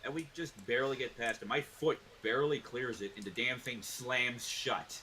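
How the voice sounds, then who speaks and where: A man's voice: mid-range voice, normal speed, pushed and bright, a little hiss or hum. A man casually telling a rambling, laid-back story to a co-host. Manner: rambling, laid-back, uses fillers like blah blah blah.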